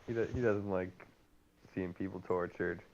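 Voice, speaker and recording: A man's voice: low-pitched, steady tone, normal speed, a little mellow. A man player describing his character's actions in an easygoing, hesitant way. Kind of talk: casual tabletop game play. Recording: dull lo-fi sound.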